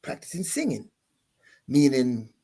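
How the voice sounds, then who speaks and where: A man, a pastor guest on a panel, explaining in a halting conversational way with many restarts and sung demonstrations. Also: medium pitch, wildly swooping pitch, warm tone, slightly rough.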